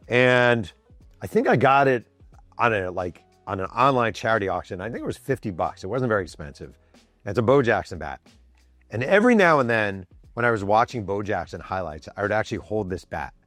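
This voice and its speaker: A man in his fifties, a podcast host telling a sports story from his office with animated energy, acting out the quotes and swearing casually. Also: on the low side, fairly quick, dry recording, faint music behind. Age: 50s. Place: home office.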